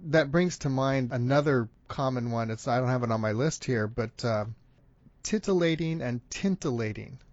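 A man's voice: mid-range voice, steady tone, normal speed, hardly any pauses, darkish tone, no echo. A man hosting a casual podcast chat in a friendly, easygoing way, laughing often. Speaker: podcast host. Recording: dry, dull lo-fi sound.

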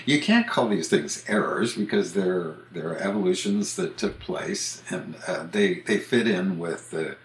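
A man's voice: sits low, lively intonation, a little slow, few pauses. An older man, a podcast co-host and author, chatting casually and reading a passage aloud. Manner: chatty, reads entries aloud. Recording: roomy echo.

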